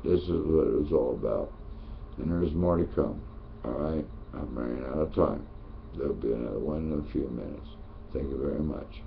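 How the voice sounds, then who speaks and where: A man delivering a profane, preachy political rant, dropping to a mutter and then rising to a shout. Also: a bass voice, normal speed, gravelly. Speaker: online ranter. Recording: dull lo-fi sound with faint noise.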